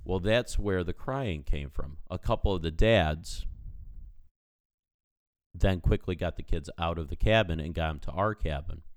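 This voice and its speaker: A man's voice: low-pitched, measured pace, no echo. A man in his thirties, a podcast co-host, telling a story in casual chat and animatedly acting out the people in it. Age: 30s.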